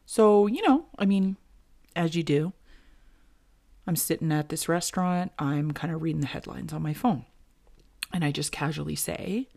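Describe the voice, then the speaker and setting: A woman's voice: low-pitched, expressive, normal speed, vocal fry, a little mellow. A woman hosting a podcast, chatting casually and telling gossipy stories about the week's headlines. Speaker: podcast host. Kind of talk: casual chat.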